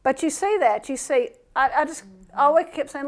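A woman's voice: high voice, moderate pace, few pauses. A woman preacher delivering a sermon, reading scripture aloud and breaking into folksy, fiery asides.

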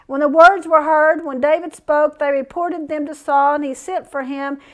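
A woman's voice: high voice, steady tone, moderate pace. A woman preacher delivering a sermon, reading scripture aloud and breaking into folksy, fiery asides.

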